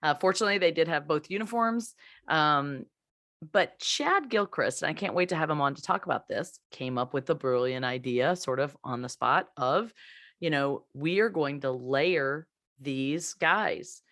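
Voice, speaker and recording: Woman, low voice, podcast host, chatty storytelling, dry recording. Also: normal speed, a bit bright, dry recording. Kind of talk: casual podcast chat.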